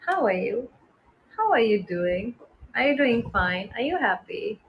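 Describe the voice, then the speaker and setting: A woman, chatting casually on a live stream. She greets viewers by name, blows kisses and gives soft, encouraging pep talks. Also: a little high, sing-song, measured pace, lo-fi sound. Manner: switches between English and Hindi.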